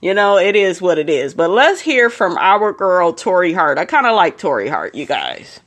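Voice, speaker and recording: A woman's voice: lowish voice, very animated, moderate pace, fairly bright tone. A woman vlogger giving blunt, profane, emphatic commentary straight to her viewers. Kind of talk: casual commentary.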